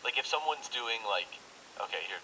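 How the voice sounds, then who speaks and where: A man's voice: medium pitch, moderate pace, a little hiss or hum, poor audio. A married man co-hosting a radio English segment, talking casually with many fillers and acting out exasperated example phrases. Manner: relaxed, hesitant with fillers, acts out exasperated example lines. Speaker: native English co-host. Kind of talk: casual radio chat explaining idioms.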